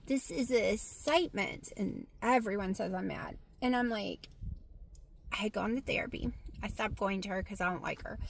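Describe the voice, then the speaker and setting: A woman with a Southern American accent, talking frankly to camera in a casual vlog, getting loud and animated when excited. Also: medium pitch, moderate pace, gravelly, slight background noise. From Southern United States. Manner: frank and blunt, swears freely. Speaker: vlogger.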